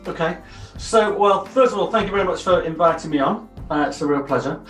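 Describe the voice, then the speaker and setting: Man, business coach guest, higher voice, earnest, far from the mic, echoey room. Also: brisk, a bit bright, faint music behind. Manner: earnest, explanatory, self-deprecating. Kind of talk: interview answers. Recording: roomy, distant from the mic.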